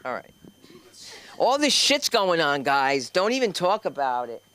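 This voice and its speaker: An older woman with a New York accent, telling rambling stand-up stories on a comedy club stage in a loud, brash, self-deprecating way and chatting with the crowd. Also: deep voice, very animated, unhurried, clean tone, no echo.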